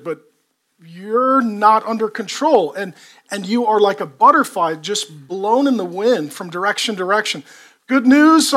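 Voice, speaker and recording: Male pastor, high voice, energetic sermon delivery, punchy repetition. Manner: lively preaching with repetition and rhetorical questions.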